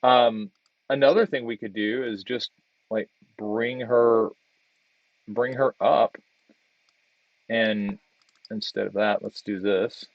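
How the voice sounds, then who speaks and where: A man's voice: fairly low pitch, steady tone, takes it slowly, long pauses, no room sound, muffled recording. Man giving a casual design critique. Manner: conversational, thinking aloud with fillers and restarts. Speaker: design instructor. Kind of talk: screen-share design critique.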